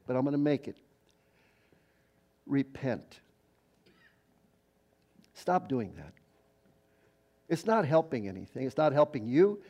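Retired male pastor, folksy storytelling sermon, warm and a touch high-pitched. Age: older. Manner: conversational storytelling preacher, quoting others in voices.

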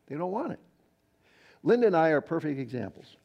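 Retired male pastor, folksy storytelling sermon, warm and a touch high-pitched. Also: sing-song, brisk. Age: older. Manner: conversational storytelling preacher, quoting others in voices.

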